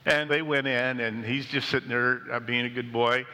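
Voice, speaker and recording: Man preaching with a bright, ringing voice. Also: medium pitch, moderate pace, big-room sound, rough recording. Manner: animated preaching that swings between lively and hushed. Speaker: pastor. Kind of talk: sermon with storytelling.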